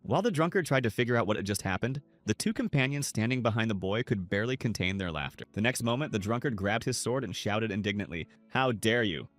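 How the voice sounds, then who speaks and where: A man narrating a scripted story recap in a steady storytelling manner. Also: on the low side, fast talker, hardly any pauses. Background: soft music.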